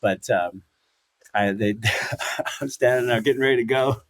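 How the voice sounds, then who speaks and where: A man's voice: medium pitch, measured pace, no room sound. A middle-aged man telling a story as a podcast guest, acting out quotes and laughing often. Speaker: podcast guest, former fighter and broadcaster. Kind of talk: casual storytelling interview.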